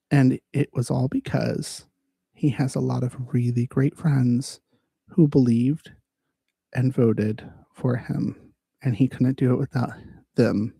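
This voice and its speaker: A man's voice: mid-range voice, gravelly, warm tone, breathy edge, dry recording. A man hosting a livestream in a casual, rambling, joking way, talking straight to his chat. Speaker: livestream host.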